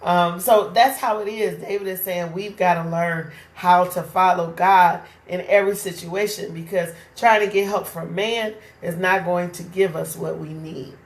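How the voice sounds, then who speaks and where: A woman's voice: on the low side, fairly even intonation, normal speed, few pauses. Woman teaching bible study, chatty, keeps saying right?, echoey room. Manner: conversational, keeps asking "right?".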